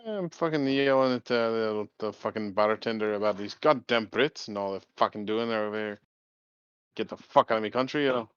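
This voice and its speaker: A man's voice: fairly low pitch, a little fast, a bit bright, natural voice. A man doing a cursing old bomber. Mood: angry. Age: older. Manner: profane, belligerent ranting. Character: older male Irish bomber, foul-mouthed, hot-tempered. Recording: dull lo-fi mic with faint noise.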